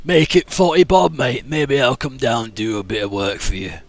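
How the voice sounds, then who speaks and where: A man's voice: medium pitch, normal speed, lightly acted. A man putting on a cocky London workman voice, haggling over a price. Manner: cocky, wheeling-dealing patter. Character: cheeky London handyman haggling.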